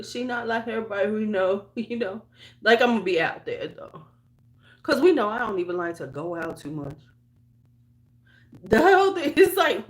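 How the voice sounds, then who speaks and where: A woman with a Chicago accent chats loosely with viewers during a morning skincare livestream. Her talk wanders in relaxed, rambling runs packed with fillers and false starts, and she greets people in the chat by name as she goes. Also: on the low side. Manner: chatty, rambling, full of fillers and restarts; talks to viewers by name while getting ready. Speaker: beauty vlogger.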